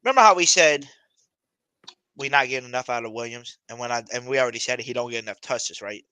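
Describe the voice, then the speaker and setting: A man hosting a casual sports talk show, animated and profane, acting out imagined quotes. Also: medium pitch, quick pace, smooth, no echo. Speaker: sports podcast host.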